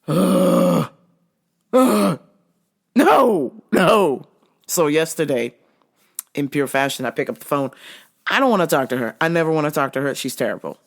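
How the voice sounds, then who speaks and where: A woman in her forties telling a story in a casual rant, profane, animated and exasperated. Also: low-pitched, fast talker. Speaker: show host recounting her store job.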